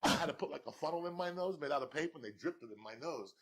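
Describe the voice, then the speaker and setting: A man with a New York accent telling wild, profane stories as a podcast guest, breaking into booming laughs. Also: animated, rapid-fire, fairly bright tone. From Cuba. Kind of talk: storytelling on a podcast.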